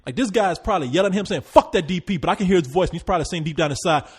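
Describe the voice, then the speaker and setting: A man's voice: high-pitched, rapid-fire, breathy edge. A man hosting a casual podcast chat, rambling and joking with lots of swearing and restarts. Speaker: podcast host.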